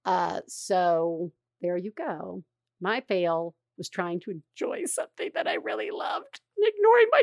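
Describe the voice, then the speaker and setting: A woman's voice: fairly low pitch, a bit bright, dry recording, clean studio sound. A middle-aged woman hosting a podcast, telling a rambling, self-deprecating story in casual chat and swearing freely. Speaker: podcast host.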